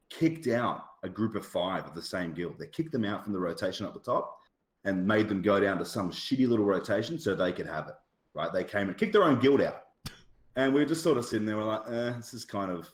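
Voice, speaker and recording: Brief: guy, low register, rambling casual podcast storyteller, echoey room. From Australia. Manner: rambling, with many fillers and asides. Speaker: podcast guest. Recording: roomy echo.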